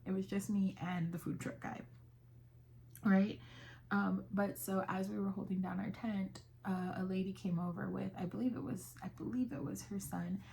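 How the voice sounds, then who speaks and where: A young woman chats casually about her crochet business, retelling conversations with plenty of fillers. Her voice is mid-pitched with a gravelly fry running through it. Faint noise sits behind her. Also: fairly even intonation, moderate pace, darkish tone. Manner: chatty, with fillers and quoted dialogue. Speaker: crochet vlogger. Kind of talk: casual chat.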